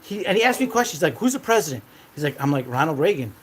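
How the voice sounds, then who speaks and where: A man's voice: a little high, big pitch swings, racing, a bit bright, slight background noise. A man in his thirties casually telling a rambling, repetitive story from his own life, swearing now and then. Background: dogs.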